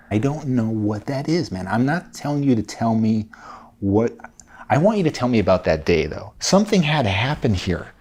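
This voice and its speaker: A man's voice: medium pitch, darkish tone, slightly rough. A man hosting a podcast, asking earnest, probing questions of his guest. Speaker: podcast host. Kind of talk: interview conversation.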